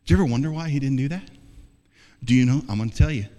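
A man's voice: medium pitch, very fast, mellow. A man preaching an emphatic sermon as pastor, calling for responses from the congregation. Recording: long reverb of a large hall.

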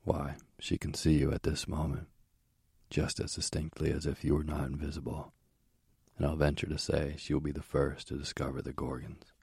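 A man's voice: rumbling low, completely flat delivery, normal speed, vocal fry, darkish tone, husky, dry recording, clean studio sound, full character voice. A man voicing a young male divine guide who chats cheerfully and boasts about his sister. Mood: eager. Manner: chatty, praises his sister.

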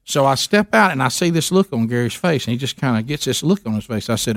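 Radio co-host, gravelly voice, dry close sound, animated storyteller who restarts often. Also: male voice, mid-range voice, fast, hardly any pauses, no echo. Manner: animated, stumbling retelling with many restarts. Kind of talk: storytelling on a talk show.

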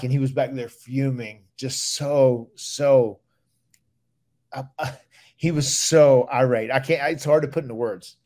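A man, casually telling stories on his podcast and getting loud when he acts out other people. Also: medium pitch. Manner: animated storyteller, loud when acting out others. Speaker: podcast host, retired wrestler. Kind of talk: casual storytelling.

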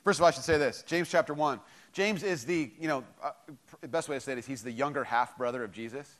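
A man preaching a sermon, telling a story and acting out both sides of a phone call, then dropping to a low, quiet intensity for key points. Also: fast talker. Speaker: pastor.

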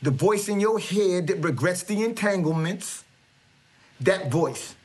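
A man's voice: high-pitched, expressive, unhurried. A man giving a swaggering, preachy comedic monologue with lots of stammering restarts. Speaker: comedic motivational speaker character.

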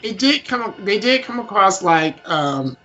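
A man's voice: high voice, big pitch swings, a little slow, bright, forceful tone, lo-fi sound. A man hosting a casual movie-discussion podcast, rambling and playful, with frequent restarts.

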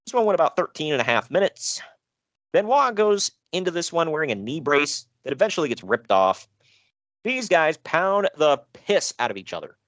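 A man co-hosting a casual podcast chat, recapping wrestling shows in an animated, joking way with frequent laughs. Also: no room sound. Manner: animated, laughing, swearing, jumps in pitch.

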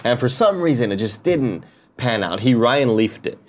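Relaxed, jokey man in casual chat. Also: medium pitch, normal speed. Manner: relaxed, jokey, trails off with fillers. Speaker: co-host.

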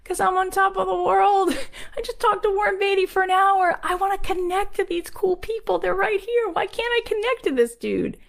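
A woman voicing a wildly excited young man who gushes and pushes in a breathless, high-pitched rush. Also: normal speed, gravelly. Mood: ecstatic.

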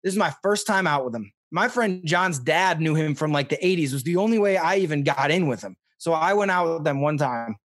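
A young man from Missouri telling stories in a casual interview, rambling and excitable with many fillers. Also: fairly high pitch, brisk, few pauses, no echo, studio quality. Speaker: podcast guest, fishing show host.

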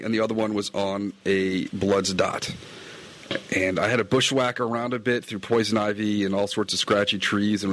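A middle-aged man, a fly-fishing podcaster and guide, recapping his day in a chatty, meandering way, recorded outdoors. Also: fairly low pitch. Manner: chatty, meandering, self-correcting. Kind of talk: casual rambling recap.

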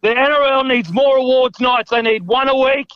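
A man putting on a shouting, cranky veteran sports journalist, who keeps saying "mate" over a muffled phone line. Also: very high voice, a little fast, clean tone, dry recording. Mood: ranting. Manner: yells, repeats "mate", blunt and combative. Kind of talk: comedy impression on a phone call.

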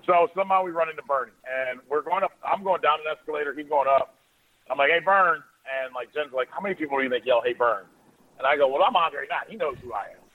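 A man in his forties from Ohio, a radio host telling a rambling story in a casual way. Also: fairly high pitch. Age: 40s. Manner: rapid, rambling anecdotes with quoted asides. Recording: tinny phone-like radio sound.

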